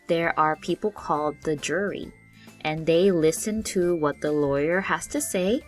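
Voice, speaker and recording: A woman teaching English vocabulary to learners, explaining each word patiently in simple terms. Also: fairly low pitch. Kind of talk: slow, clear classroom explanation.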